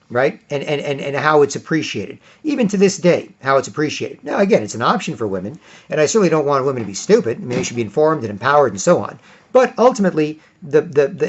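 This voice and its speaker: A man delivering a rambling monologue, often putting on high mocking voices for other people. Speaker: commentator. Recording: dull lo-fi recording.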